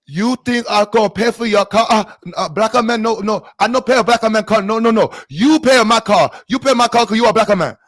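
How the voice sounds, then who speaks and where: A man's voice: high-pitched, brisk, hardly any pauses, a bit bright, pitched above the performer's own voice. A man doing a clipped, stubborn driver, mock Chinese accent. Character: stubborn male driver refusing to pay.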